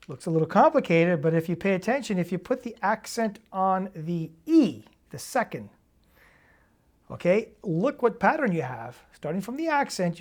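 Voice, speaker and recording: Low-voiced woman teaching drum patterns. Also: sing-song, moderate pace, a little mellow. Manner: explains step by step, counting beats and sticking patterns; casual and encouraging, with fillers and check-ins. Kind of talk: instructional demonstration.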